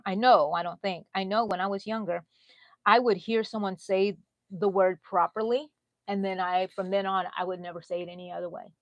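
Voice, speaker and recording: A woman's voice: on the low side, no room sound, muffled recording. Texan woman, middle-aged, chatty livestream host, crocheting and talking, close dry sound. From Texas. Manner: chatty, laughs often, drifts into soft asides. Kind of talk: casual livestream chat while crocheting.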